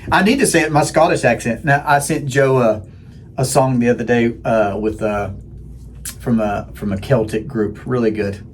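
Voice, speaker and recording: A man's voice: medium pitch, moderate pace, slight background noise. A man hosting a casual round-table chat, talking in a folksy, rambling way with frequent restarts. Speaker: host.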